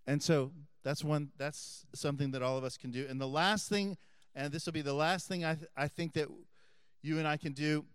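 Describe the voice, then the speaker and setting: A middle-aged man, a Catholic priest, preaching a homily and telling a story earnestly, dropping his voice soft for emphasis. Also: fairly high pitch, normal speed, clear, resonant tone, no room sound, studio quality.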